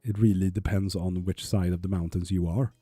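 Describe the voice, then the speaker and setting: Casual low-voiced man streaming. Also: steady tone, fairly quick, warm tone, husky, no echo, soft background music. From Sweden. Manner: swears freely, reads chat aloud. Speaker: tarot reader streamer. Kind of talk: casual live-stream chat.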